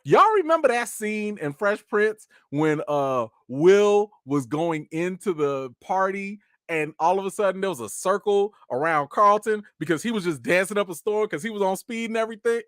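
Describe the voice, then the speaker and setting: A man hosting a casual live chat, telling stories in an animated way and talking to his viewers as "y'all". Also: sits high, moderate pace, few pauses, dry recording, studio quality. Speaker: channel host.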